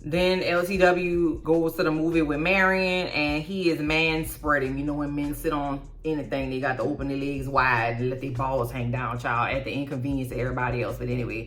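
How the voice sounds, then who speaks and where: A woman hosting a casual TV episode recap, sassy and animated, talking straight to her viewers. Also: deep voice. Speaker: TV recap host.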